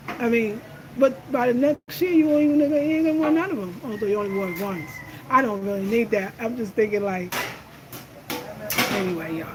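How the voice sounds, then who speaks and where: A middle-aged woman hosting a casual livestream, telling lively stories to her viewers and laughing often. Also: medium pitch, background noise. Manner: animated storyteller, laughs often, addresses viewers as y'all. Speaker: host of a home design channel.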